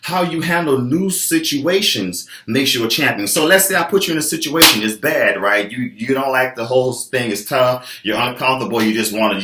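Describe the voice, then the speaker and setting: A man's voice: mid-range voice, fairly bright tone. A man giving a motivational fitness talk as a trainer, emphatic and preachy. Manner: emphatic, preachy, acts out clients' voices. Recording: echoey room.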